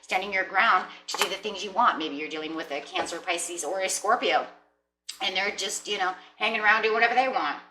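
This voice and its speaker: A woman giving a casual tarot reading, chatty, often clearing her throat and checking in with "right?" and "you know?". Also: medium pitch, fairly quick, background noise. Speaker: tarot reader. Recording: roomy echo.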